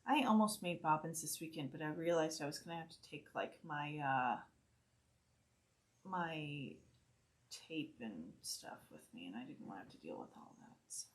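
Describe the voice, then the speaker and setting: A woman from Ohio, hosting a craft live stream and chatting in a relaxed, self-deprecating way as she stitches. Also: sits low, normal speed. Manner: relaxed, self-deprecating, talks while sewing. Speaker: host demonstrating stitching. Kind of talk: casual live-stream chat while crafting.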